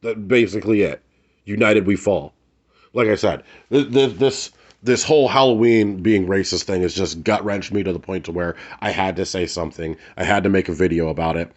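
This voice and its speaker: Speaking low into the camera, this vlogger delivers a heated rant, blunt and furious, cursing and hammering the same phrases again and again. The recording has a dull quality.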